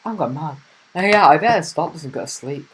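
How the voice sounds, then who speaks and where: A young man hosts his own car review vlog in a casual, unscripted way. His voice sits somewhat high for a man. He rambles cheerfully and leans on fillers between thoughts. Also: lively intonation, a little fast, husky. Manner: rambling, chatty, many fillers.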